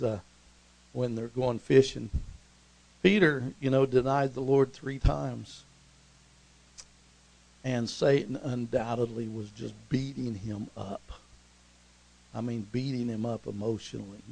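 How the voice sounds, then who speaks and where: A middle-aged man preaching a storytelling sermon, conversational and animated, and acting out scenes along the way. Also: mid-range voice, creaky, rough recording.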